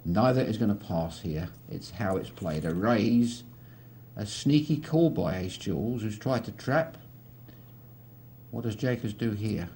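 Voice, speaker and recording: A man's voice: on the low side, lively intonation, measured pace, mellow, slight background noise. A man gives live poker commentary, walking through each hand with a chatty manner and dry teasing asides to his co-host.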